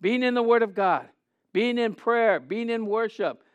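A man's voice: very high-pitched, measured pace, clean tone, no echo, highs cut off. A man preaching a sermon, reading scripture aloud, acting out scenes and asking his listeners questions. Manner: animated, acts out scenes, asks the audience questions.

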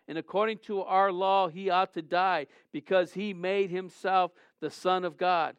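This pastor's voice sits high, steady and unhurried with hardly any pauses, and the tone is clean though the recording is dry and dull. Preaching a sermon, he reads scripture aloud, puts questions directly to his listeners, and rises in emphasis on key words.

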